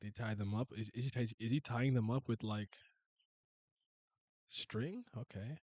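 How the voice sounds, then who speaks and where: A young man and manga scanlator reading a manga aloud and reacting in a casual, excitable, slangy way. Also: medium pitch, measured pace, no echo. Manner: excitable, animated, laughs a lot, slangy.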